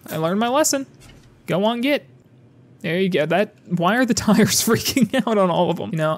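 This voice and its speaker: A man giving sarcastic, profane commentary while playing a game, often yelling at the game characters. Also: high voice. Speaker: gaming YouTuber. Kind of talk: casual gameplay commentary.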